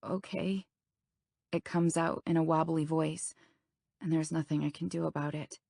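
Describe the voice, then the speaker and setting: Romance audiobook narrator, young woman, low and gravelly, intimate first-person read. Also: little pitch movement, normal speed, a little mellow, dry recording, studio quality. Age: young adult.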